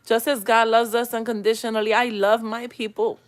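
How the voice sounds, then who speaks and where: A woman's voice: fairly high pitch, little pitch movement, moderate pace. A woman hosting a livestream, reading comments and talking earnestly and emotionally, with spiritual, pleading encouragement. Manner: heartfelt, tearful, earnest encouragement. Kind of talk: emotional live-stream talk.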